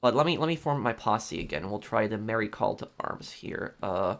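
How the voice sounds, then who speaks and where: This game streamer has a fairly low, gravelly voice and sounds animated, speaking at normal speed. He chats casually with viewers, answering them with lots of ums, hesitations, and restarted sentences.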